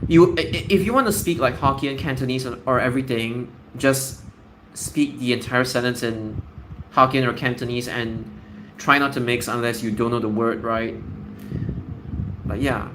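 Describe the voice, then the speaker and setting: A man's voice: mid-range voice, normal speed. A young man ranting in casual commentary, blunt and profane, full of fillers and restarts. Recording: noisy background ambience.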